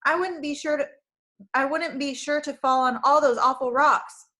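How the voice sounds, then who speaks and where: A woman voicing a frightened, timid young woman who pleads and frets in a high, tearful voice while reading a storybook aloud. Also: steady tone, normal speed, sharp tone. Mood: fearful pleading.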